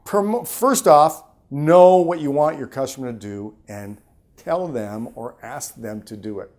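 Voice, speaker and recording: A middle-aged man, a sales trainer hosting his own show, giving an emphatic motivational talk that swings his pitch and loudness widely. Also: animated, unhurried. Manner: emphatic, coaching, varies pitch and volume widely.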